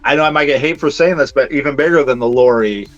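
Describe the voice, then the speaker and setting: A mid-range male voice talks fast as a co-host on a laid-back movie review podcast, hesitating and rambling as he restarts his sentences. Faint music sits under slightly dull lo-fi audio.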